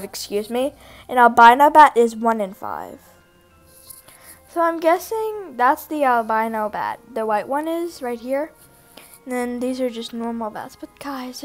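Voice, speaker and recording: A woman giving excited gameplay commentary to her viewers, gushing, gasping often and calling out to them constantly. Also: sits high. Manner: gushing, gasps often, keeps saying "you guys". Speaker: gaming video creator.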